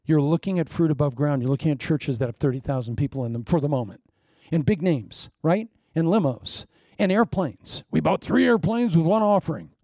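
A man's voice: on the high side, expressive, fairly quick, mellow, no room sound, clean studio sound. A middle-aged man preaching a sermon as pastor, conversational and joking, with laughing asides.

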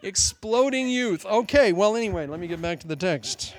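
A man preaching a sermon, switching between animated storytelling and joking asides, calling listeners "loved one.". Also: sits high, fairly quick.

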